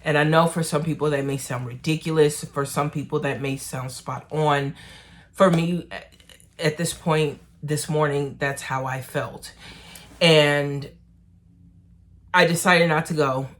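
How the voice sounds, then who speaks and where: A woman talking slowly to her camera at home about her faith, in a soft and emotional way with pauses. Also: sits low, fairly even intonation. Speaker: vlogger. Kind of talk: personal faith vlog, candid talk to camera.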